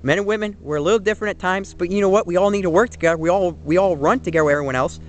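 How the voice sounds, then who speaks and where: A man's voice: high voice, racing, a little hiss or hum. A young man in his twenties giving an earnest, rambling opinion monologue, full of fillers and restarts. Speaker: vlogger. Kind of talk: casual opinion monologue to camera.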